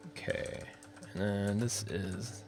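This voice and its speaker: Slow, gravelly-voiced male streamer, live-coding and thinking aloud; typing and faint music in the background. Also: on the low side, steady tone, darkish tone. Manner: muttering to himself while typing code. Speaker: developer livestream host. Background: keyboard typing, faint music.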